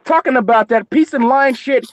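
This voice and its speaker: Heard through a muffled recording with no echo, a very high-pitched American man rants at a moderate pace. He co-hosts a boxing live stream and swears without pause in his anger.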